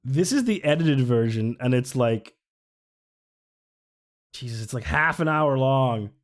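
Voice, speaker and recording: A man's voice: medium pitch, expressive, measured pace. A man streaming live, reacting to a video with incredulous, laughing commentary. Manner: incredulous, laughing between remarks.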